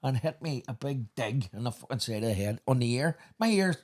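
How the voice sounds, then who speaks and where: Animated swearing Northern Irish man. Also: mid-range voice, fairly quick. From Northern Ireland. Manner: swearing, animated anecdote telling. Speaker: podcast host. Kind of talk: casual storytelling chat.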